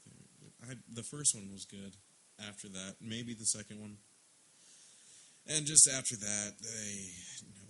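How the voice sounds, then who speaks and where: A young man co-hosting a comedy podcast who laughs often and sometimes drops into a low joking radio voice. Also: measured pace, sharp tone, slight background noise, rough recording. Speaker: podcast co-host. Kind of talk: casual comedic chat.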